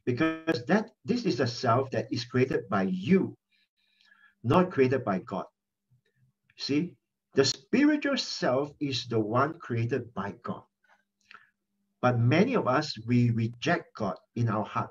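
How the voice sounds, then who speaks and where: A man's voice: medium pitch, slightly rough, highs cut off. A man giving an informal sermon as a pastor, talking in a conversational way, repeating phrases and using a lot of "you know".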